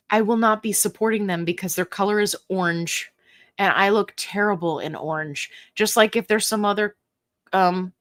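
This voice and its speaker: A woman's voice: mid-range voice, no echo. A woman hosting a casual live Q&A stream, reading viewer comments aloud in a chatty, playful and self-mocking way, laughing often. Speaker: livestream host.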